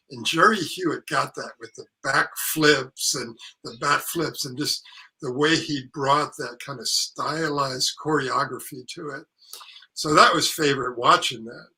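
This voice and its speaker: An older man, an actor and author, telling anecdotes in casual conversation, lively and salty, acting out what others said. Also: medium pitch, a little slow, low-quality recording. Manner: lively storyteller, salty language, acts out quotes. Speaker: actor and author, podcast guest.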